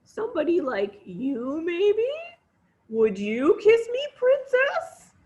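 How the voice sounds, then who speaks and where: A woman voicing a cheeky male frog who was once a prince, croaky and wheedling. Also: very high voice, very animated, slow pace, darkish tone, muffled recording, slight background noise, voice pushed up, heavily acted. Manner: wheedling, coaxing.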